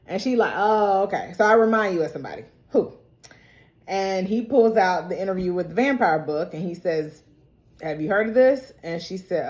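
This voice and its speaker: A woman with an ordinary mid-range voice runs through a TV episode in a casual, chatty recap. She acts out the characters' lines with sudden leaps in pitch and laughs often along the way. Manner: animated, acts out quoted lines with big pitch jumps. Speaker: TV recap vlogger.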